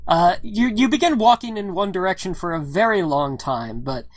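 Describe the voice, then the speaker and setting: A woman's voice: lowish voice, animated, normal speed, no echo. A woman narrating as game master of a tabletop game, improvising with laughs and fillers. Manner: laughs often, hesitant fillers while improvising.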